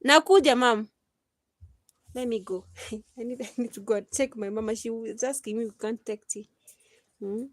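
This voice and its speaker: A woman's voice: fairly high pitch, steady tone, normal speed, dark tone, dry recording, studio quality. A Kenyan woman in her thirties chatting casually on her live stream, laughing often and slipping into preachy advice.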